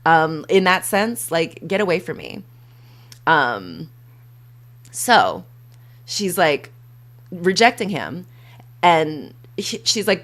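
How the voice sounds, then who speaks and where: A woman's voice: sits low, very animated, takes it slowly, pauses often, a bit bright. A woman streamer chatting casually and playfully, full of fillers and acted-out quotes while retelling a movie.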